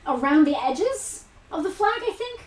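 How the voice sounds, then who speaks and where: A woman co-hosting a live toy review, excitable and quick to laugh, reading out viewer comments. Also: high-pitched, a little hiss or hum. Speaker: co-host. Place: indoor studio room. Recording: echoey room, distant mic.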